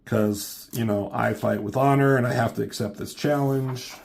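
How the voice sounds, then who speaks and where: A man's voice: mid-range voice, steady tone, normal speed, gravelly, a little mellow, lightly acted. A man voicing a heroic young male cat-warrior king who speaks in earnest, honor-bound declarations.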